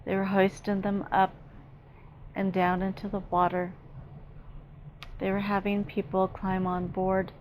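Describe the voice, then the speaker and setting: A woman psychic medium giving an emotional, halting first-person channeling narration, repeating herself as she speaks. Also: mid-range voice, monotone, lo-fi sound, a little hiss or hum.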